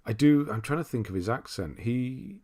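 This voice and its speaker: A man with a mild northern English accent, hosting a casual livestream, reading viewer comments aloud and chatting in a relaxed, rambling way with frequent chuckles. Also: mid-range voice, moderate pace. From northern England. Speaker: streamer host.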